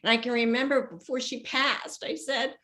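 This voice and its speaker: A middle-aged woman guest telling heartfelt stories in conversation, emotional and expressive. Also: a little high, normal speed, rough recording. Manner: emotional, voices others in quoted lines. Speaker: guest, youth organizer.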